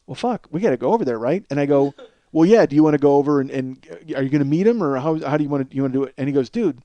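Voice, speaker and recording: A man's voice: on the high side, expressive, very fast, mellow, highs cut off. A man hosting a podcast, telling a long story in a rambling, profane, casual way. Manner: rambling and profane, with lots of filler. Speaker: podcast host. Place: home studio at night.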